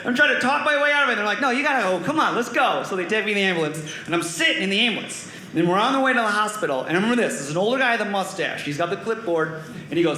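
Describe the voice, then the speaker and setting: A young man telling a stand-up story on a comedy club stage, animated and acting out voices and sound effects. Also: extremely high pitch, rapid-fire. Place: comedy club stage before a live audience. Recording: roomy club with loud audience laughter.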